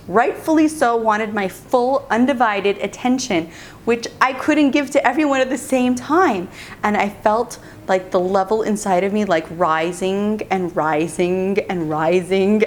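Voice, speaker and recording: A woman's voice: mid-range voice, slight background noise. A middle-aged mother telling a family story casually and animatedly, laughing often. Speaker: parenting vlogger, mother.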